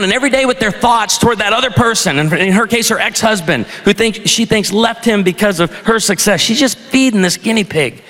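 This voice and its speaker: A middle-aged man preaching in a big auditorium, his slightly high voice carrying long reverb off the hall. He speaks like a storyteller, conversational and wry, with jokes woven into the sermon. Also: pushed and bright. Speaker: pastor. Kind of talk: sermon with humorous anecdotes. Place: large university auditorium.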